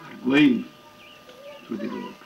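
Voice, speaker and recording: An older man from India with an Indian accent, giving a devotional lecture as a spiritual teacher in a slow, halting, deliberate way. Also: fairly low pitch, creaky, muffled recording, slight background noise.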